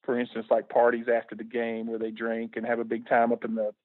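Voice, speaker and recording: A man's voice: mid-range voice, completely flat delivery, a little fast, no echo. A middle-aged man, a former coach talking casually in a radio interview, folksy and repeating words when moved. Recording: tinny phone line on radio.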